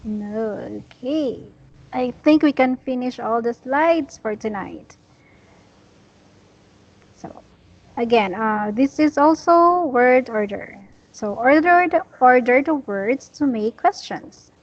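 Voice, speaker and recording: This woman runs a one-on-one English lesson with unhurried, careful delivery. Her voice sits a little high, and she models each sentence slowly and praises her student often. The audio is muffled, with a lo-fi online-call sound. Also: expressive. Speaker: English teacher.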